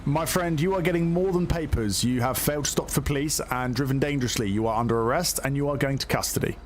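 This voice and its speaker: A man's voice: mid-range voice, fast, a little hiss or hum. A man streaming a police game live, talking himself through it in a hesitant, chatty way full of fillers. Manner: hesitant, chatty, lots of fillers and self-talk. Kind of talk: live gameplay commentary.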